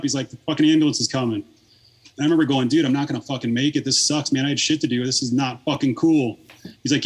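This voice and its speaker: A man's voice: mid-range voice, fairly even intonation, rapid-fire, slightly rough. A man in his thirties, a podcast guest, telling a long story in casual, rambling talk full of swearing and fillers.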